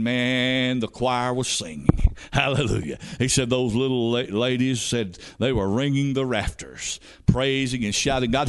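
An evangelist with a medium-pitched voice preaches a fervent revival sermon, peppering it with hallelujahs as he builds up to shouting.

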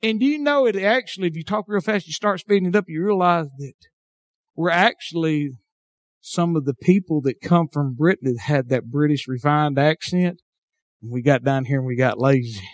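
A man with a Southern hillbilly drawl preaching a sermon, swinging between shouted passages and quiet, folksy talk. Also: fairly high pitch, normal speed, no room sound, studio quality.

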